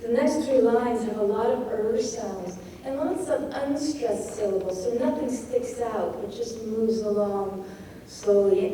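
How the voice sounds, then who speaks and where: A woman poet giving a craft talk who reads lines of a poem aloud slowly and dwells on their sounds. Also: mid-range voice, dark tone, a little hiss or hum. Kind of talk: lecture on poetry craft. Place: lecture hall. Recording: echoey hall from far off.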